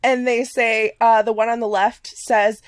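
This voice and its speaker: A woman runs a tabletop game as game master and narrates in a loose, casual way with many fillers. Her voice sits fairly high. The podcast sound is close and dry. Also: flat delivery, unhurried, no echo.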